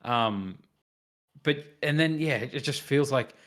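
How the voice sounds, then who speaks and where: A man's voice: mid-range voice, unhurried, a bit bright. A man co-hosting a film review podcast, chatting casually and acting out his own reactions as he tells the story. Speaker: podcast co-host reviewing films. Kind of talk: casual chat.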